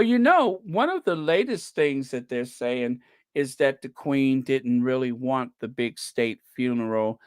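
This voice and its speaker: A livestream host talking slowly and casually into a desk mic while reading the chat aloud. The host laughs often and draws out long strings of no's. The sound is dry and close, with no room echo. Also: medium pitch, smooth. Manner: chatty, laughs often, drawn-out repeated no's.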